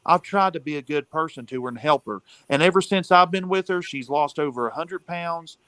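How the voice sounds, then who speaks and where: A man's voice: fairly high pitch, fairly quick, sharp tone, no echo. A man with a slightly raised voice pours out an agitated, profane rant. He keeps repeating "dude" as the story spills out, and the recording is close and dry with no room sound. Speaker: caller venting on a panel show. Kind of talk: emotional rant, casual talk.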